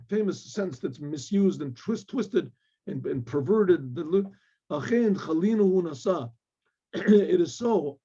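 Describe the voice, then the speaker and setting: High-pitched rabbi with a husky voice. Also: male voice, dark tone, dull audio. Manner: mixes Hebrew quotes with English explanation, frequent throat clearing and restarts. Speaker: rabbi teaching. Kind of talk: Torah class lecture.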